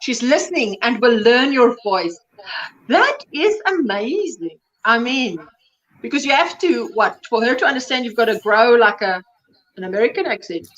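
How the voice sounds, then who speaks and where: A woman's voice: a little high, expressive, normal speed, a bit bright, lo-fi sound. A woman hosting a livestream chat, reading viewer comments aloud and reacting to them. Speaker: livestream host.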